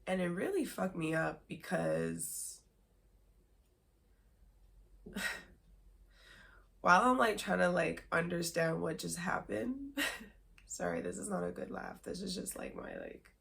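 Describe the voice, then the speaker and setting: A woman podcast host speaking candidly in a lowish voice with a gravelly edge. She rambles, leans on filler words and breaks into nervous laughs. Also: slow, pauses often, a bit bright. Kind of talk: candid personal storytelling.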